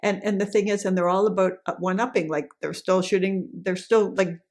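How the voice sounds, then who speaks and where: A woman's voice: mid-range voice, steady tone, a little fast. A woman co-hosting a casual podcast, opinionated and rambling, with lots of restarts and "right?" tags. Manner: opinionated, rambling with many restarts and tag questions. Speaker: podcast co-host. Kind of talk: casual chat.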